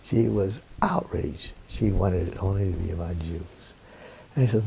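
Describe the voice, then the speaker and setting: An older man with a low, gravelly and slightly husky voice, speaking candidly in an interview. He tells his stories with animation, often breaking into laughter and acting out what others said. His tone is dark and mellow. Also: moderate pace, rough recording.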